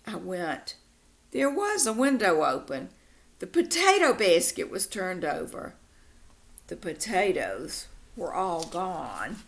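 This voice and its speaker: A woman reading a children's picture book aloud, expressive and animated. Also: lowish voice, slow, vocal fry. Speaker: storyteller.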